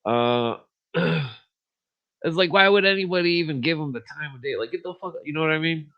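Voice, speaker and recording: A man's voice: a little high, brisk, muffled recording. Profane, blunt male podcast host. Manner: profane, blunt, frequent fillers. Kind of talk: casual ranting and reading aloud.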